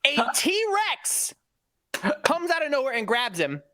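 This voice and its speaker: A man co-hosting a movie stream, telling things in an animated, sarcastic way and swearing freely. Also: very high-pitched, takes it slowly, noisy background. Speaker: podcast co-host. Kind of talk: casual chat about movies.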